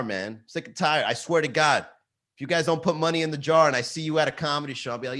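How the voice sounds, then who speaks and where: A man hosting a live comedy podcast, telling stories casually with lots of swearing and sudden high excited outbursts. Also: fast. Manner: animated storytelling, swearing, jumps into high excited voices for quotes. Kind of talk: casual live-stream chat. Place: Miami.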